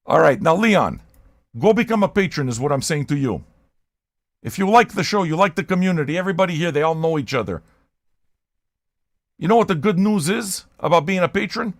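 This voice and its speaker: A man hosting a record-listening livestream who talks in a loud, shouty, abrasive rant and swears freely. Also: fairly high pitch, fairly quick, pauses often, dry recording, clean studio sound. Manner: profane, excitable. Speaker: host of a record-listening show. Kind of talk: loud ranting livestream chat.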